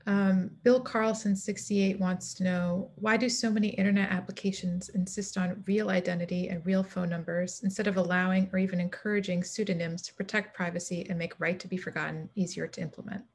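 A woman moderating an online forum, reading out audience questions in a measured way on a video call. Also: fairly low pitch, fairly even intonation.

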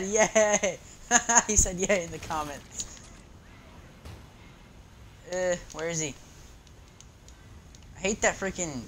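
Brief: hyped gameplay streamer, lively bouncing pitch, drawn-out easy pacing, faint background hiss. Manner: excitable, yelps and shouts at game moments; chatty, talks to viewers between rounds. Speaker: gaming channel host. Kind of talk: live gameplay commentary.

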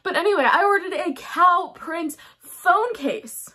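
Bubbly high-voiced woman gushing to camera. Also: unhurried, pushed and bright. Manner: bubbly, gushing, chatty with many fillers. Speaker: fashion haul vlogger. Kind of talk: casual excited chat to camera. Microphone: phone camera.

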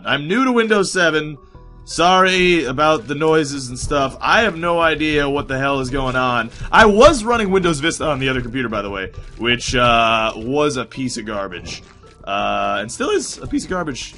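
A chatty man narrates his game in a bright, forceful voice that swings widely in pitch. His throat sounds sore and strained, and he rambles and swears as he plays. Faint music runs underneath. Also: normal speed. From United States. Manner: rambling, excitable, swears often. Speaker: gaming commentator. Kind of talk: casual let's play commentary.

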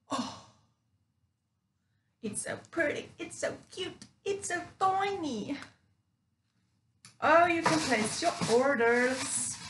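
A woman selling shoes who gushes over her delivery in a casual unboxing vlog, repeating herself with excitement. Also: high-pitched. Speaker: online seller. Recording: echoey room with background noise.

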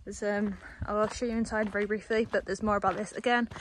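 Talking quickly in a level, mid-range voice, a young woman on the stable staff shows visitors around a horse yard. Her walking tour is chatty and rambling, she coos at the animals, and there's slight background noise.

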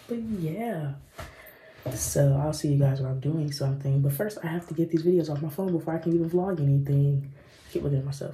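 Young woman vlogger, low voice, rambling casual chat into a handheld phone, noticeable background noise. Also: dark tone. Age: 20s. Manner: chatty, rambling, uses dialect slang. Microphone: phone camera held close.

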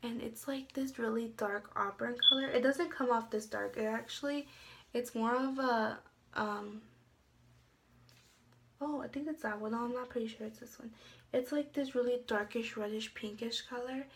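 A young woman talks through her beauty haul in a rambling, chatty way, full of filler words. Her voice sits a little high and is bright, with gravelly fry. A faint hiss runs under the recording. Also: fairly even intonation, moderate pace. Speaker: beauty vlogger. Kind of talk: casual haul chat.

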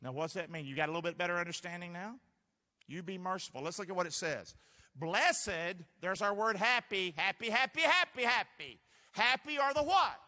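A man pastor preaching a sermon, full of call-and-response questions aimed at the congregation. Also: high voice. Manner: animated call-and-response preaching, asks the crowd to answer. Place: church sanctuary. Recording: long church reverb.

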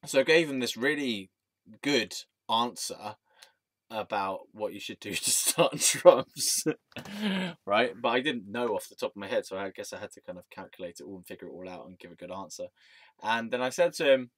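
A man's voice: on the low side, animated, normal speed, fairly bright tone, no echo. A young man telling a rambling personal story, laughing at himself often. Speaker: vlogger. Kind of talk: casual storytelling.

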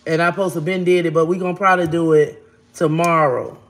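A woman hosting a casual livestream, talking fast and giving shout-outs to viewers as she reads their comments. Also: on the low side, steady tone.

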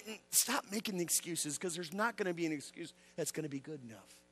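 A male evangelist delivering a revival sermon in a church, with a high, bright, forceful voice. He swings from loud high exclamations down to low quiet asides, with lively swings in pitch, and keeps calling out questions for the congregation to answer. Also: fast talker. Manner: call-and-response with the congregation. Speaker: evangelist preacher.

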